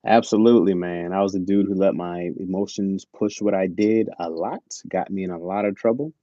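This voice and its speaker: A man with a low, mellow voice chatting casually on a live stream, loose and profane. The mic sounds dry and close but dull and lo-fi. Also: fairly quick, no echo. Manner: laid-back, swears, says "bro" and "man". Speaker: streamer host. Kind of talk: casual chat.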